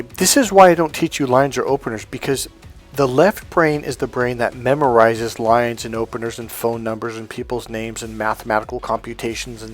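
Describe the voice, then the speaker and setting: A man working as a dating coach, telling a story to camera in a blunt, casual way with heavy swearing. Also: medium pitch.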